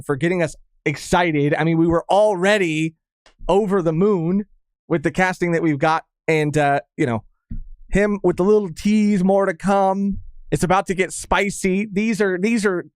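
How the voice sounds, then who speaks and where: A man's voice: high voice, moderate pace, no room sound, clean studio sound. A man co-hosting a casual live podcast, upbeat, laughing often and reading chat comments aloud. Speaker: podcast co-host.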